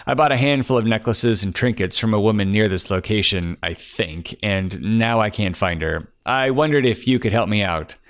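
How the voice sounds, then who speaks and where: Polite, persistent private eye in a storybook, low-voiced and courteous, as a male narrator voices him. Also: moderate pace, few pauses, a bit bright, no echo, clean studio sound, lightly acted.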